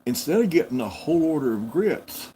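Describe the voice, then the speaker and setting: A man putting on a curious middle-aged tourist from up north, earnest and a touch naive. He speaks carefully, his voice lifting above the teller's usual low pitch. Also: sing-song, fairly quick, dark tone, slight background noise.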